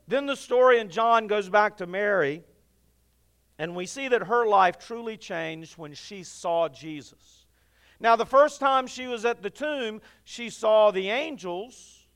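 A man preaching a sermon, earnest and conversational, reading scripture and pausing for effect. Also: high voice, clear, resonant tone. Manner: earnest, conversational preaching with dramatic pauses and drops to a hush. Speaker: pastor.

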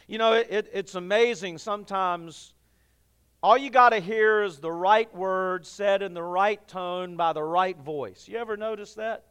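A man delivers a sermon in a high, smooth, resonant voice. He talks to the congregation in an earnest, conversational way, dropping to a hush for effect. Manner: earnest, conversational preaching with dramatic pauses and drops to a hush. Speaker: pastor.

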